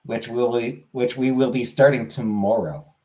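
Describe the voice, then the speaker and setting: A man's voice: mid-range voice, fairly even intonation, normal speed, dark tone. A man streaming, chatting casually and rambling with lots of fillers while answering chat.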